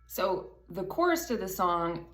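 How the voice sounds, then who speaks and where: Low-voiced woman vocal coach, froggy morning voice. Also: big pitch swings, a little slow, roomy sound, loud music behind the voice. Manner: explanatory, chatty, laughs between points. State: froggy morning voice, not warmed up. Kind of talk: singing lesson.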